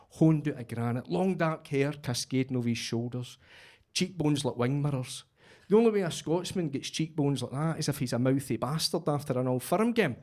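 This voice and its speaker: A middle-aged Scottish man doing a stand-up set, telling stories dryly and landing punchy punchlines. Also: fairly high pitch. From Scotland. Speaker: stand-up comedian.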